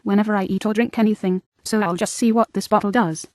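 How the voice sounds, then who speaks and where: A woman's voice: mid-range voice, fairly even intonation, fast talker, a little mellow, dry recording, studio quality, natural voice. An earnest, polite young girl, read by a woman. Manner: earnest, eager.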